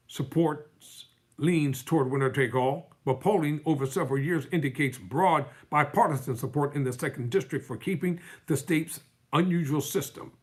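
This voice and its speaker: A man's voice: on the high side, breathy edge. A man hosting a live stream, reading news articles aloud and breaking off into fiery, sarcastic commentary.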